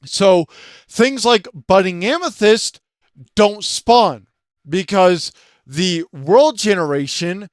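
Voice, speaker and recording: This channel host, a man with a high voice, speaks slowly while venting about a video game, cursing and rambling with plenty of filler words as he tries to keep it down late at night. The sound is studio quality, with no room sound.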